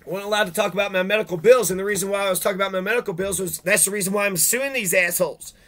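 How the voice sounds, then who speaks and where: A man giving an angry monologue, swearing heavily and breaking into loud outbursts. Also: high voice, very fast. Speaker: video blogger reading legal rules. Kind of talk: profane ranting monologue.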